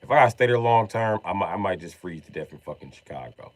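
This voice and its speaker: A man from Illinois delivering a profane, exasperated comedy rant on a livestream. His pitch swings widely from line to line, and the sound is dry and close to the mic. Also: lively intonation, quick pace, no room sound. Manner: profane, exasperated ranting with mock quotes.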